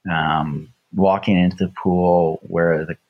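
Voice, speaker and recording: A middle-aged Canadian man, an Olympic champion appearing as a guest, tells reflective stories conversationally, drawing on vivid stage imagery. His voice is deep and level, his pace slow, and the recording muffled.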